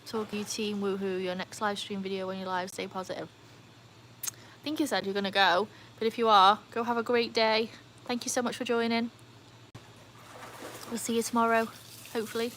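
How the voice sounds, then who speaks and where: A woman's voice: mid-range voice, little pitch movement, moderate pace, pauses often, fairly bright tone, poor audio. Woman, casual livestream host, chatty, light background hiss. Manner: chatty, reads out viewer comments. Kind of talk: casual live-stream chat. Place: home, beside a backyard pool.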